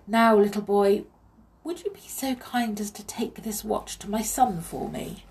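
A woman voicing a sad, tired old lady in a storybook reading, speaking gently and pleadingly. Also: mid-range voice, a little slow, lightly acted. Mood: weary, pleading.

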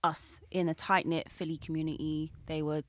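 A woman's voice: low-pitched, flat delivery, moderate pace, dry recording. Young woman, loose slangy podcast guest, swears a lot, dry close sound. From Philippines. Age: young adult. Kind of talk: casual chat.

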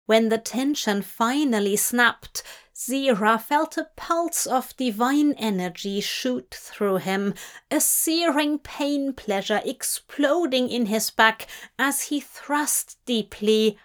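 A woman narrating a fanfiction audiobook in a steady, measured reading voice. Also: on the high side. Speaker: audiobook reader.

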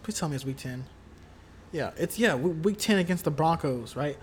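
A man's voice: fairly high pitch, expressive, moderate pace, husky. A man talking casually about his football team, heated and profane, rambling with lots of fillers and repeated words. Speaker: sports fan commentator. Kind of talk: casual solo sports talk.

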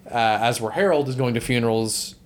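This young man co-hosts a laid-back movie podcast, talking briskly in a mid-range voice. He rambles, swears freely, and laughs a lot.

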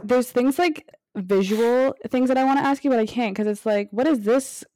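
Her voice sits a little high and sounds warm, at a normal speed with no echo. As co-host of a casual podcast quiz, she poses questions in a chatty way, cursing freely and nudging players along with hints.

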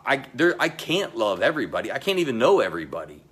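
A middle-aged man, the pastor, delivering a sermon in a slow, emphatic way, pausing often and dropping to a low voice, with chatty asides to the congregation. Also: sing-song, breathy edge. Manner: slow, emphatic delivery with pauses and sudden drops to a quiet voice.

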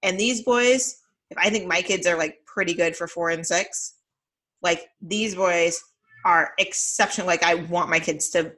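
She has a fairly low voice and takes her time, a thirty-something woman casually chatting as a podcast co-host. Her stories come out animated and chatty, with many fillers.

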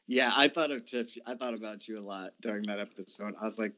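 A man's voice: fairly low pitch, fast talker, bright, forceful tone, no echo, muffled recording. A man co-hosting a casual recap chat, joking and teasing his friends. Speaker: co-host.

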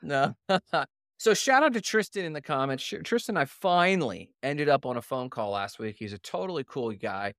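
A man's voice: mid-range voice, expressive, moderate pace, fairly bright tone, no room sound, clean studio sound. A young man co-hosting a podcast, telling a story casually, acting out quotes and laughing often. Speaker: podcast co-host.

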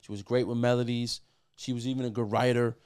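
A man's voice: medium pitch, little pitch movement, fairly quick, a little mellow, clean tone. A middle-aged man, a music producer appearing as a podcast guest, telling stories casually with lots of cursing, fillers and restarts. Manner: profane, loose, filler-heavy with many restarts. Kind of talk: casual storytelling.

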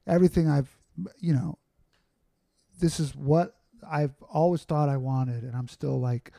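A man's voice: on the high side, measured pace, gravelly, dark tone, no echo. A man talking casually as a podcast guest, rambling and candid, with many fillers and restarts. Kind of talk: casual conversational storytelling.

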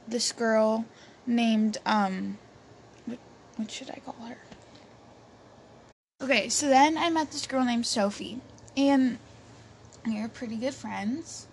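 A woman's voice: fairly high pitch, slow, long pauses. A young woman telling a personal story in a chatty way, with many fillers and restarts. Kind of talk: casual storytelling. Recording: faint background noise.

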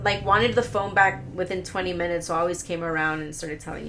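A woman's voice: lowish voice, little pitch movement, a little fast, hardly any pauses, sharp tone, slight background noise. A young woman hosting a solo podcast, telling rambling stories with lots of swearing and laughing asides. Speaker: podcast host. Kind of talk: casual solo podcast storytelling.

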